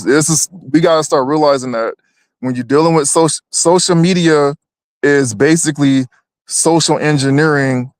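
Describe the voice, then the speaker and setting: Man, casual political talk, halting restarts, mid pitch, dry close sound. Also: no echo. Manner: halting, many restarts and repeated words. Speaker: live stream co-host.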